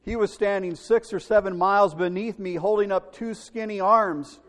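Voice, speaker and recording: A male pastor delivers a Sunday sermon in a slightly raised voice, mixing teaching with a vivid story. He acts out the quotes with sudden shouts and jumps in pitch. The sound has a long reverb from a large church sanctuary. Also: normal speed.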